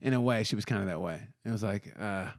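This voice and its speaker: A man's voice: on the low side, fast talker. A middle-aged man co-hosting a comedy podcast, telling rambling stories in casual chat, acting out quotes and laughing often. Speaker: podcast co-host.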